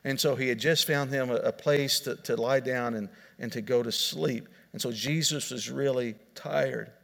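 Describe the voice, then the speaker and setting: Gravelly pastor in an echoing hall. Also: male voice, mid-range voice, fairly even intonation, moderate pace, fairly bright tone. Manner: earnest, explanatory, repeats words while restarting. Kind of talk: sermon. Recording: long hall reverb.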